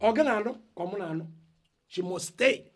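An actor with a Nigerian accent playing an indignant eldest brother who loudly lectures his family about his inheritance rights. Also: high voice, animated, fast. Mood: angry. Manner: loud, agitated, lecturing. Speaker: eldest son in a family dispute. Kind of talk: Nollywood film acting.

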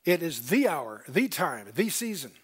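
Here the older man's voice is fairly high, slightly rough, and very animated, though his pace stays measured. Going verse by verse through his Bible lesson, he hammers key points, repeats them, and questions his listeners.

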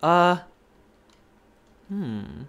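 A streamer chatting with viewers while playing a game live, thinking aloud in hesitant questions and gasping in excitement at each new find. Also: mid-range voice, drawn-out words. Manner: excitable, gasping and exclaiming at discoveries.

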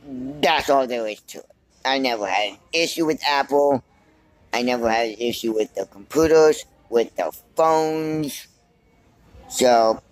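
A man's voice: medium pitch, dry recording, low-quality recording. A man vlogging casually from inside a big store on a handheld phone, rambling and thinking aloud as he browses. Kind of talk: casual walk-and-talk vlog.

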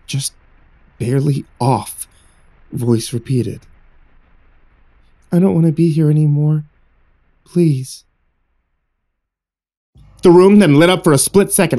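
A man narrating a horror story in a hushed, suspenseful storytelling manner. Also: on the high side. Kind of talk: scripted narration.

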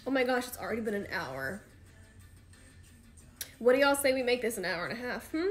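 A woman's voice: fairly high pitch, big pitch swings, fairly quick, long pauses, faint music behind. A young woman in her twenties chatting casually on a livestream with fans, rambling and slangy with lots of fillers. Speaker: idol livestream host.

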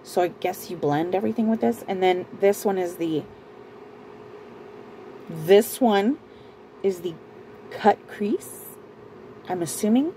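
A Southern California woman vlogger chats her way through a beauty and clothing haul, slow and full of pauses, rambling, cutting herself off, and laughing often. Her mid-range voice is mellow but she's out of breath. The poor audio carries a little hiss or hum.

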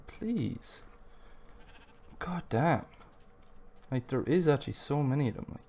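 Male let's play gamer, frustrated and foul-mouthed, very animated delivery. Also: mid-range voice, creaky, a little hiss or hum. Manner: swears constantly, frustrated outbursts at the game.

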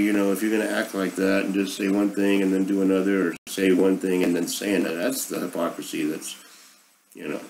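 A man's voice: deep voice, a little mellow, a little hiss or hum, rough recording. A middle-aged man hosting a casual monologue, rambling and sarcastic as he airs his opinions. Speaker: podcast host.

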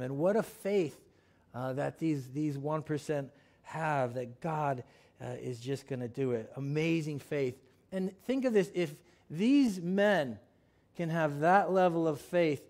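A male pastor preaching a sermon, reading scripture aloud and then explaining it in a plain, conversational way with frequent fillers and restarts. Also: on the high side. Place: church sanctuary.

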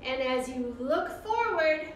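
A woman guides children through yoga in a slow, unhurried, sing-song voice that sits very high. Her tone is bright and encouraging. She sounds far from the mic in a very echoey room with faint background noise. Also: expressive. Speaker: kids' yoga teacher. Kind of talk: guided kids' yoga class. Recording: roomy echo from far off.

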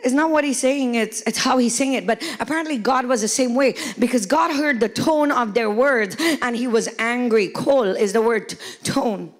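A woman pastor preaching a sermon to a congregation, often shouting and playfully acting out quoted voices. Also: fairly high pitch, normal speed, few pauses. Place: church hall before a congregation.

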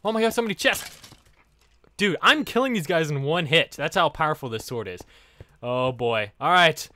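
A man narrates his gameplay straight to his viewers, excitable and quick to exclaim. His voice sits a little high and bright, and his pitch swings widely. Faint game music plays behind him. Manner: excitable, exclaims and laughs often; talks directly to viewers. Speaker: gaming YouTuber. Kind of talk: Let's Play commentary.

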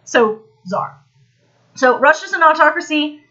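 A woman's voice: high-pitched, animated, unhurried, sharp tone, dull audio. An American woman giving a casual, rambling history lesson on a live stream, full of fillers and restarts. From United States.

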